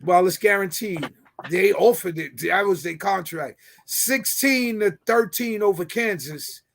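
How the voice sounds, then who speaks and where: Sports talk host, male, high-pitched, brash, argumentative, slangy. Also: a little slow, creaky, a bit bright, a little hiss or hum. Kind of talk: casual sports chat.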